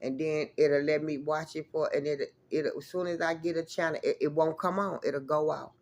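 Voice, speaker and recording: A woman's voice: low voice, steady tone, moderate pace. A woman vlogger telling a rambling, emphatic story to her viewers in a casual way, swearing freely and calling out to them as y'all.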